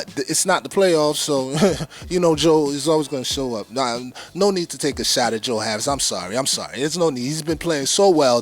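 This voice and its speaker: A man hosting a fan podcast, giving casual basketball commentary in an animated way, repeating phrases for emphasis and speaking straight to his viewers. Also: a little high, no echo. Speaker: podcast host.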